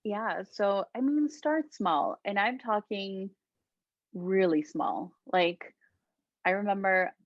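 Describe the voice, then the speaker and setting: Colombian-born woman, lowish voice, calm reflective chat, dull dry call audio. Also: no room sound. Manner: gentle, reflective, laughs often. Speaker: guest, intuitive healer. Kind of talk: casual interview talk.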